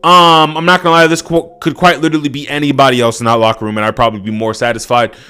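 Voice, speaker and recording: A man's voice: mid-range voice, level tone, fast, pushed and bright, smooth. A young man ranting unscripted as a wrestling reviewer, exasperated and profane, full of fillers. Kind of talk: unscripted rant.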